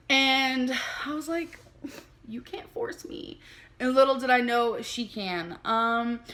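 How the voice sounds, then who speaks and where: Halting, candid young woman vlogger. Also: a little high, fairly bright tone. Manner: candid, halting, many fillers. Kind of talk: personal confessional storytime.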